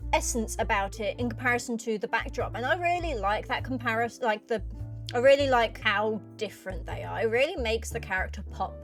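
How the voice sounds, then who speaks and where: A woman reading a visual novel aloud and chatting through it with rambling asides. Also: a little high. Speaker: gaming YouTuber. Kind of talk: let's play, reading the game aloud with commentary.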